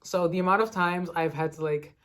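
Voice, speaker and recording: A woman's voice: fairly low pitch, fairly even intonation, brisk. A young woman from the Netherlands chatting casually as a book vlogger, answering questions with lots of fillers and little laughs. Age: young adult. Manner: chatty, many "like" fillers, giggly asides. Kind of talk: casual chat answering a reading tag.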